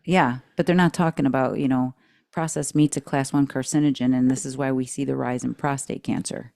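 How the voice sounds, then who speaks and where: Low, gravelly-voiced woman podcast host. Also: brisk. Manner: animated, emphatic, laughs often. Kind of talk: casual podcast chat.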